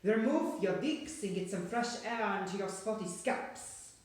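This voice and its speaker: Brief: reader doing a tyrant old witch, guttural foreign accent, rasping and shrill, slow booming orders, echoey room. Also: lively intonation, natural voice. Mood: commanding. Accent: harsh guttural foreign accent, rolled R. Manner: booming, slow, drawn-out commands. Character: terrifying old female witch leader, cruel and commanding.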